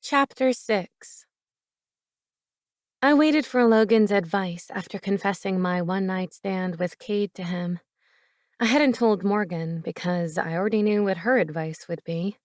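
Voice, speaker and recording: A woman's voice: medium pitch, no echo, studio quality. A woman narrating a first-person romance audiobook in an intimate storytelling manner.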